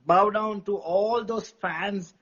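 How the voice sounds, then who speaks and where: High-voiced host, husky. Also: male voice, fairly even intonation, slow pace, a bit bright. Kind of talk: casual interview on a live stream. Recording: dull, muffled sound.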